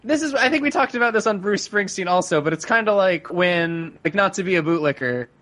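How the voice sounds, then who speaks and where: A man's voice: high voice, animated, brisk, pushed and bright. A man co-hosting a podcast in casual chat, rambling and joking and swearing freely. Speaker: podcast co-host.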